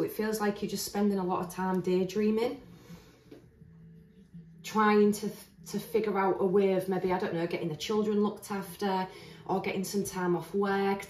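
A woman talks through a tarot spread in a chatty, earnest way, often restarting her sentences as she thinks aloud. Her voice sits at a middle pitch. It rings in a roomy space and sounds a little off-mic. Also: fairly even intonation, moderate pace, a little mellow, slight background noise. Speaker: tarot reader. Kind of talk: casual spoken tarot reading. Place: indoors, standing at a table of cards. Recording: roomy echo, voice heard from a distance.

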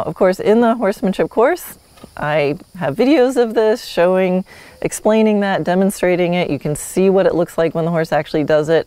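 A woman's voice: lowish voice, dark tone, dry recording. A woman hosting a solo podcast, teaching horsemanship in a friendly, instructive way with light laughs.

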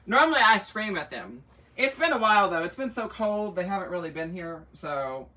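Campy, lively man hosting a live sale. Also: sits high, normal speed. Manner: campy, animated and sassy, full of asides and teasing. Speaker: luxury bag reseller hosting a live sale stream. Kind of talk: chatty live-stream selling, reading viewer comments. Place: indoor shop room with lights and windows. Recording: voice picked up from a distance.

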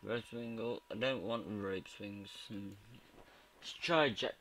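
Crude, slow-talking man doing game commentary. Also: lowish voice, slight background noise. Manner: crude, sarcastic, swings between whispered asides and sudden yells. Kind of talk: let's play commentary.

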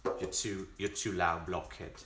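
A man doing a hushed, low rock-star voice. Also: flat delivery, a little slow, reverberant, very noisy. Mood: hushing. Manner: shushing, scolding softly.

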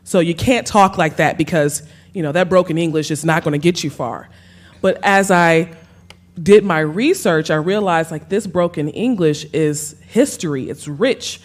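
A woman with a Gullah Geechee Lowcountry accent, a cookbook author speaking onstage before an audience, telling stories warmly and laughing often. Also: normal speed. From South Carolina Sea Islands. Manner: warm storytelling, laughs often, says y'all. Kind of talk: onstage conversation. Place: stage under lights before an audience.

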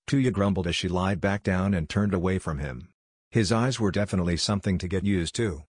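A man narrating a fan-fiction story in an even, storytelling manner. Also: deep voice, fairly quick, slightly rough, no room sound, studio quality.

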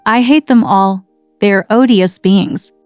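A woman's voice: medium pitch, slow pace, darkish tone, no echo, close to an everyday voice. A woman voicing a sickly, spiteful teenage boy with a peevish, taunting way of talking, read with faint music behind.

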